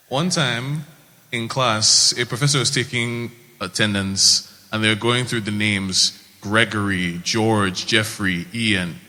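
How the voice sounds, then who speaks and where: A young man from Nigeria with a Nigerian accent, doing a stand-up set in a wry, deadpan way. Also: on the low side, slow pace. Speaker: stand-up comedian. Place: comedy stage. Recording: reverberant live stage.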